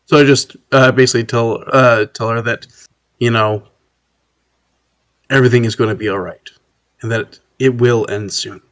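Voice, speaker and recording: Male player, casual and halting, repeats himself. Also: mid-range voice, fairly even intonation, a bit bright. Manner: hesitant, repeats words. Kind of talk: casual tabletop play.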